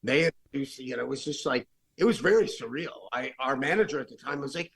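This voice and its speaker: A late-middle-aged man with a gravelly, creaky edge to his voice and a middle-pitched register. He tells road stories as a rock musician guest, wandering through them with restarts and fillers. The delivery is loose and conversational. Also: moderate pace, fairly bright tone, low-quality recording. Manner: rambling, with many restarts and fillers. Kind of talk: casual storytelling.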